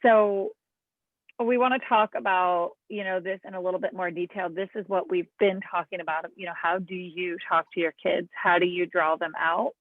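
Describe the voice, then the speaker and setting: A woman therapist speaks earnestly and gently to parents. She keeps acting out what a parent might say to a child. Her voice comes through a thin, tinny call line and sounds dry and close. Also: lowish voice, fairly even intonation, normal speed, no echo. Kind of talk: online parenting talk. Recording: tinny phone-like call audio.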